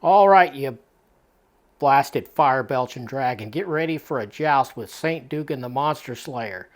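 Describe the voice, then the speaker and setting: A man puts on a brash, blustering comic-book soldier who raises his voice well above a normal speaking pitch and booms with loud bravado. He makes a boastful, swaggering battle cry. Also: expressive, unhurried, close to an everyday voice. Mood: bold challenge. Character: brash blustering male soldier challenging a monster.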